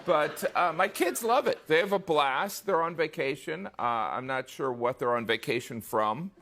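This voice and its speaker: A man's voice: on the high side, expressive, normal speed, a bit bright. A man who is a talk show guest, telling a comedic anecdote in a wry, sarcastic way.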